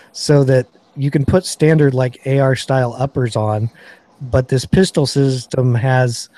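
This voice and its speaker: A man's voice: medium pitch, dark tone, dry recording. A man hosting a gun podcast in casual chat, hesitant, laughing often. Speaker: podcast host.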